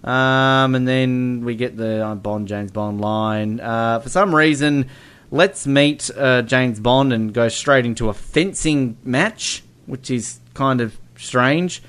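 A man's voice: medium pitch, slow pace, fairly bright tone, clear, resonant tone. A man co-hosting a casual film review chat, rambling with many ums and slipping into playful impressions. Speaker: podcast co-host.

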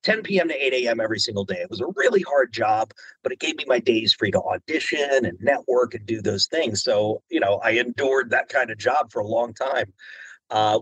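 A man being interviewed as a guest voice actor, telling stories in an animated way and slipping into quoted voices. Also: mid-range voice, husky, no room sound, poor audio. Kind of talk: interview storytelling.

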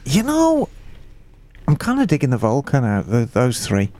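A man's voice: mid-range voice, wildly swooping pitch, moderate pace, warm tone, no room sound. A man co-hosting a motorcycle podcast, giving upbeat casual advice to a listener. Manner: joking, upbeat banter. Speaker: podcast co-host. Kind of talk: casual chat.

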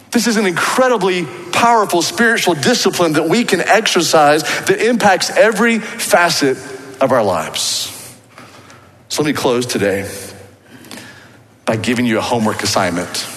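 A man's voice: mid-range voice, fairly bright tone. Male pastor, earnest sermon with emphatic build, lingering church-hall reverb. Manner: earnest, rising to emphatic exhortation. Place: church sanctuary.

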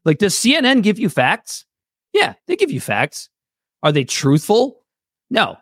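A man co-hosting a political podcast with a voice set a little high for a man. He talks bluntly and heatedly and swears freely. The sound is dry and close to the mic. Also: wildly swooping pitch, unhurried, husky, no echo. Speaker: podcast co-host. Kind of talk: casual political podcast chat.

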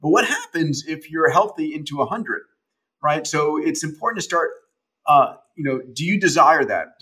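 A man's voice: medium pitch, pushed and bright, rough recording. A man speaking as a podcast guest, talking casually and prompting his co-guest to tell a story. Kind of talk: casual conversation.

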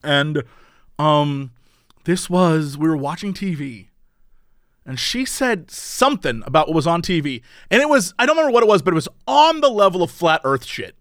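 Lively high-voiced man telling stories. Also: normal speed, no echo, studio quality. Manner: animated, laughing storyteller. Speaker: podcast co-host. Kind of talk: casual chat.

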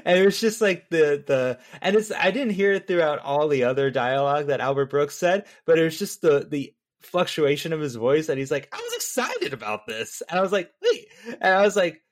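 A man's voice: a little high, a little fast, few pauses. A man chatting casually about a movie, rambling with many fillers and laughing easily. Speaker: podcast co-host. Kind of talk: casual film discussion.

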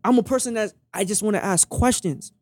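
A man's voice: sits high, fairly quick. A young man telling a personal story in blunt, profane casual talk, acting out the dialogue as he goes.

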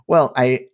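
A middle-aged man casually telling a spooky family story on a podcast, animated and full of fillers. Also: mid-range voice. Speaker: guest storyteller.

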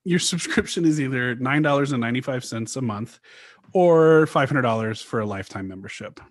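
A man's voice: mid-range voice, fairly quick. A man co-hosting a casual podcast, recounting a story at length with frequent restarts. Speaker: podcast co-host.

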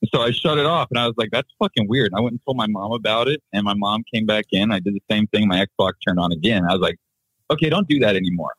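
A man's voice: on the low side, steady tone, quick pace, few pauses, fairly bright tone, breathy edge, no echo, rough recording. A young man, a guest on a podcast, telling a story in a laid-back way and swearing casually. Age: young adult.

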